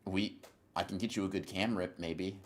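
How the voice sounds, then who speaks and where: A man's voice: deep voice, fairly even intonation, moderate pace. A young man livestreaming, chatting casually with his viewers in a rambling, profane way that keeps interrupting itself as he reacts to chat.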